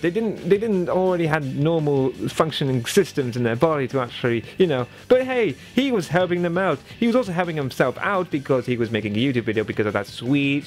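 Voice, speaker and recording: A man's voice: lively intonation, brisk, few pauses, soft background music. Sarcastic young man mocking a video. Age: 20s. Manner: mocking, profane, swings pitch for sarcasm. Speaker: video reviewer. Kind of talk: sarcastic reaction commentary.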